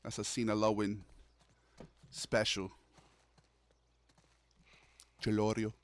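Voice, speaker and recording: A man's voice: fairly low pitch, monotone, a little slow. A young man streaming a horror game, chatting casually and loosely with his viewers, full of slang. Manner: loose, slangy, calls the audience "bro". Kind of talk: casual gaming livestream chat.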